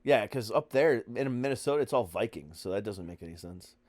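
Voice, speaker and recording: A man's voice: on the low side, lively intonation, a little fast, a little mellow, no echo. A man hosting a podcast in casual chat, joking and rambling with many fillers. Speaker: podcast host.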